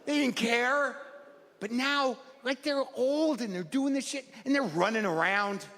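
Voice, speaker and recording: A man in his sixties doing a stand-up routine, neurotic and self-deprecating, jumping into high mocking voices. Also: unhurried, noisy background. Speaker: stand-up comedian. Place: large comedy venue with live audience. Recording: roomy stage recording with crowd laughter.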